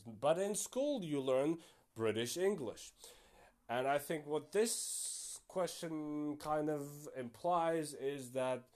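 Male podcast host, mid-pitched, loose solo chat, thinks aloud and second-guesses himself. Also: a little mellow. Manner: chatty and self-doubting, thinking aloud. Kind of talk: casual solo podcast commentary.

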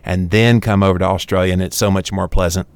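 A man's voice: low voice, fast, clean tone, dry recording. A man guesting on a podcast, talkative and joking as he tells stories. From United States. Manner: talkative, joking, animated storyteller. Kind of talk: casual interview chat.

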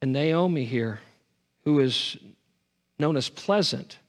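A man's voice: on the high side, expressive, takes it slowly. A man preaching a sermon as pastor, earnest, often stumbling over and repeating his words.

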